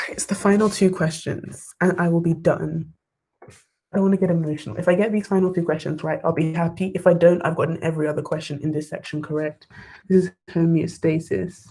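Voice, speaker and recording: Wrapped in blankets at her bedroom desk, a young woman runs a live study stream, reading questions aloud and getting excited as she chats with viewers. Her slightly rough voice sits a little low for a woman, and she clearly sounds at home.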